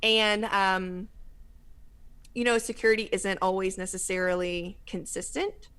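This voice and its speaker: A young woman co-hosting a podcast, telling stories in a casual, animated way with lots of fillers. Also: medium pitch, unhurried, clear, resonant tone. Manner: animated storytelling with many fillers. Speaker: podcast co-host. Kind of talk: casual chat.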